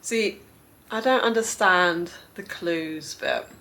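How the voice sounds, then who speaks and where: Young woman rambling thru a cozy game, giggly, kinda low voice. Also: takes it slowly, bright, forceful tone. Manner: chatty, rambling, giggly asides. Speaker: cozy gaming vlogger. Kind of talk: casual gameplay commentary.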